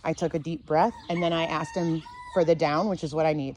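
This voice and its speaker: A woman dog trainer teaching outdoors, calm and sure as she explains leash handling. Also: low-pitched, brisk, a little hiss or hum. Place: outdoors near a fenced dog area.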